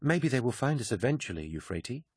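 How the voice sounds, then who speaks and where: A man reading an audiobook, voicing a woman remembrancer who is anxious and stubborn, with an urgent, protesting manner and a husky edge. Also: mid-range voice, very animated, brisk, no room sound, clean studio sound, voice pushed up. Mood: alarmed, insistent.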